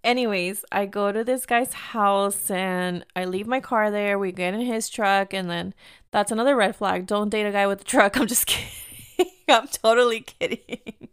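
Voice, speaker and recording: A young woman telling a dating story in a chatty, animated way, acting out quoted lines. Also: medium pitch, normal speed, clean tone. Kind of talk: casual storytelling.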